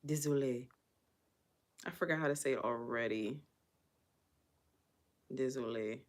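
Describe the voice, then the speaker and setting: Low-voiced woman chatting casually. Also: unhurried. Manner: chatty, musing aloud, drifts between topics. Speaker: vlogger. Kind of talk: casual live-stream chat.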